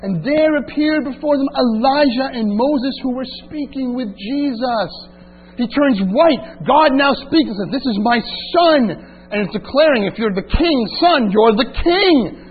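Man, preacher, sermon, high voice, dramatic swings from hushed to loud, thin phone-like sound. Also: lively intonation, measured pace. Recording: tinny phone-like recording with mains hum.

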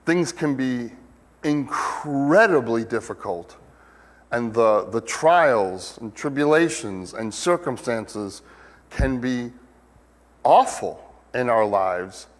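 A man's voice: medium pitch, very animated, takes it slowly. A man preaching a sermon in a conversational way, with many fillers and sudden emphatic peaks. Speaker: pastor. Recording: long hall reverb.

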